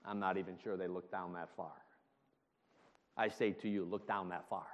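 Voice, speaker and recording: A man's voice: low-pitched, steady tone, moderate pace. A man preaching a sermon as pastor, emphatic and full of rhetorical questions, laughing often between points. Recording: long hall reverb.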